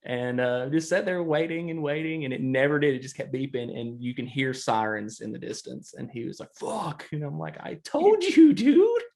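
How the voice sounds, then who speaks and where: Gravelly man telling stories. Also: medium pitch, steady tone, moderate pace, hardly any pauses. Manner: rambling storytelling, laughs often. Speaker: podcast co-host. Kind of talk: casual chat.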